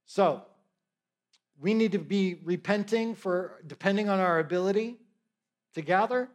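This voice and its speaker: A man's voice: high voice, a little slow. A middle-aged male preacher giving a conversational sermon, with joking asides and frequent check-ins with his listeners.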